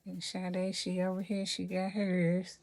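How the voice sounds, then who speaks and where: A woman's voice: on the low side, monotone, a little slow, darkish tone. A woman from Mississippi with a Southern accent, chatting casually as a cooking vlog host and laughing often. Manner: chatty, laughs often, addresses viewers as y'all. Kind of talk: casual chat.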